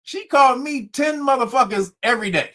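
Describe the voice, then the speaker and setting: A middle-aged man hosting, telling a family story to viewers casually, swearing and laughing a lot. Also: extremely high pitch. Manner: animated, swearing, laughing often. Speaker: host.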